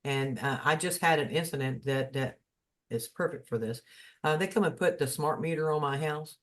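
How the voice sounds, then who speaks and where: A man talks in a relaxed fireside chat, his voice sitting a little higher than most men's. He rambles along in a folksy, storytelling way. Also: normal speed. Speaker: spiritual guest speaker.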